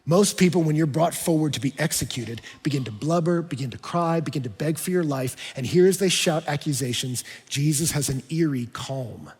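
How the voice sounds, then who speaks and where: Preaching man, husky voice, hall reverb. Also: normal speed, few pauses. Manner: expository preaching, shifting between hushed lows and emphatic highs. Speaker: pastor. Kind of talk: sermon. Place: large church auditorium.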